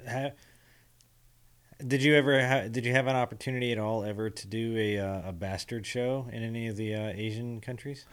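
A man's voice: mid-range voice, fairly even intonation, fairly quick, smooth. A man hosting a podcast, asking casual questions and stumbling over the first words. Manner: stammers at the start of questions. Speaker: podcast host.

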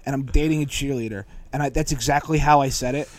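A man's voice: mid-range voice, fast talker. A young man co-hosting a casual podcast in a studio, telling rambling, profane stories full of restarts. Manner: rambling storyteller, swears often, lots of restarts. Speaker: podcast co-host. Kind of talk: casual chat.

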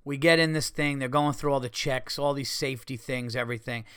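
A man's voice: medium pitch, fairly even intonation, brisk, a bit bright, smooth, no room sound, clean studio sound. A man hosting a podcast, telling a story casually and animatedly, swearing, acting out what people said and making sound effects. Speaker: podcast host and comedian.

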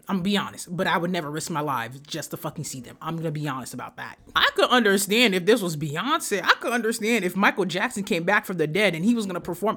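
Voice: mid-range voice, bright, forceful tone. Fired-up young podcaster, swears constantly, lectures the audience head-on. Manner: profane, heated ranting; direct address to listeners. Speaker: podcast host. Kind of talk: solo podcast rant.

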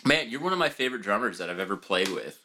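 A man joining a comedy podcast as a guest, laid-back and quick to chime in with agreement. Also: fairly low pitch, very animated, sharp tone, slight background noise. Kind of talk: casual comedy chat.

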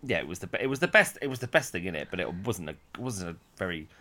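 A man from Britain co-hosting a podcast, rambling and halting, with many fillers as he trails off. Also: deep voice, very animated, pushed and bright. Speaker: podcast co-host. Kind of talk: casual chat reviewing a TV episode.

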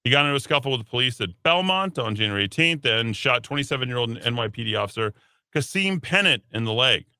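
A man's voice: medium pitch, lively intonation, fast, pushed and bright, clear, resonant tone, no echo. A man hosting a talk radio show, reading news items and adding sarcastic asides in a casual way. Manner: reads headlines then adds sarcastic asides.

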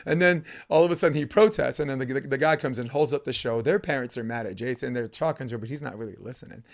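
A man, a volleyball coach, telling a long animated story in a casual chat, acting out what people said. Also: medium pitch, fast. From United States. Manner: animated storyteller, acts out quoted lines. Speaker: podcast guest, volleyball coach.

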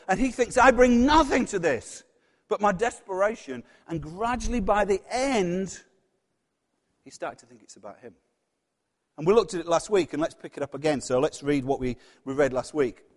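A man with a Yorkshire accent preaching a conversational sermon, asking the congregation questions and acting out voices. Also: high voice. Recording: long hall reverb.

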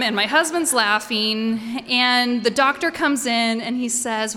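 A woman's voice: fairly high pitch, slow, sharp tone. A woman telling a personal story before an audience, conversational and wryly humorous. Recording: echoey hall.

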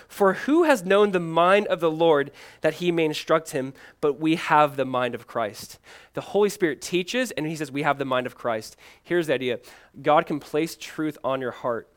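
A male pastor preaching a sermon, swinging from loud emphatic lines to hushed, pleading ones and repeating key phrases. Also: on the high side, normal speed.

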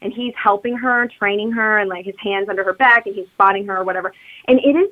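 A woman's voice: mid-range voice, expressive, brisk, pushed and bright, rough recording. Chatty woman rambling through a movie recap. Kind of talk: casual chat recapping a movie.

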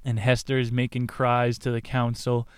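A man's voice: medium pitch, monotone, normal speed, clear, resonant tone, dry recording, clean studio sound. A man recording in his car, summarizing a book in an irreverent, crude, casual chat with laughing asides. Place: inside a car.

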